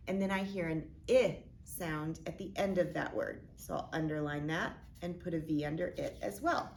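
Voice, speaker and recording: A woman teacher modeling a phonics lesson, speaking slowly and deliberately as she sounds out each part of a word. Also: on the low side, a little hiss or hum. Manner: slow, deliberate, sounding out words.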